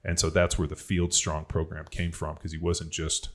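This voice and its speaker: With a rumbling low voice and a completely flat delivery at normal speed, a podcast host and former NFL player tells wandering, cussing stories about football and strength in a casual chat.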